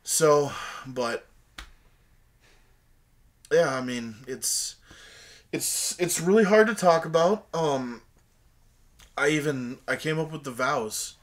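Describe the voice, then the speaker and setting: A young man acting a clueless, tactless guest in a comedy sketch, rambling through absurd stories with halting fillers. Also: fairly high pitch. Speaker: bizarre guest in a comedy skit.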